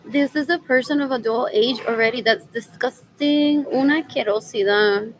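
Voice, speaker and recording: A woman's voice: fairly high pitch, normal speed, music in the background, low-quality recording. A woman in a rambling, scornful spoken monologue who keeps asking "what else?" and switches between English and Spanish. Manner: disgusted, scornful.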